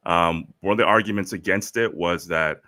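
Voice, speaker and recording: A man co-hosting a podcast, going over headlines in a measured way with frequent ums. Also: deep voice, pushed and bright, no room sound, studio quality. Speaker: podcast co-host reading headlines. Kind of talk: casual news chat.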